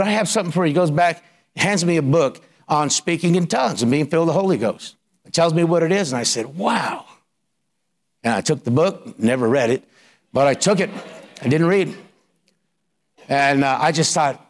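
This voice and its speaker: Man, pastor, sermon, folksy testimony, middle-aged, fairly high voice. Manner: colloquial storytelling, rising to emphatic preaching.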